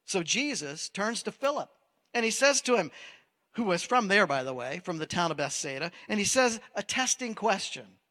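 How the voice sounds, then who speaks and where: A man's voice: sits high, sing-song, moderate pace, pushed and bright, in a large hall. A man preaching a sermon in a conversational style, asking the listeners questions. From Maine. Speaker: pastor.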